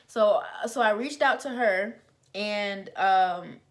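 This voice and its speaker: A woman's voice: mid-range voice, slow. A young adult woman telling a personal faith testimony in an informal, conversational way, with plenty of fillers. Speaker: vlogger sharing a testimony.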